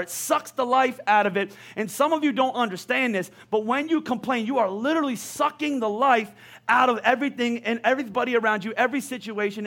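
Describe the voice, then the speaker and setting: A male pastor preaching a sermon in a lively, conversational way, full of questions to the congregation. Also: high voice.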